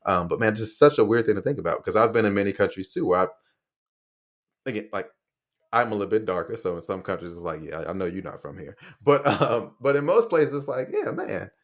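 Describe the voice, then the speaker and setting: A young man hosts a casual podcast chat, his voice sitting very low. He talks quickly, doubling back and correcting himself with animated asides. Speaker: podcast host. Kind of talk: casual conversational interview.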